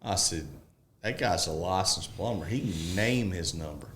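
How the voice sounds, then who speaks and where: A man in his forties in casual podcast chat, telling a folksy story and acting out the dialogue with animated pitch jumps. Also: moderate pace, slight background noise. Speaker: podcast guest, construction expert.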